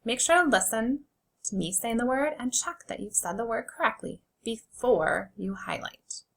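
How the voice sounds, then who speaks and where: A woman teacher leading an early reading lesson for children, sounding out words slowly and clearly and encouraging them as friends. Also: a little high, a bit bright, low-quality recording.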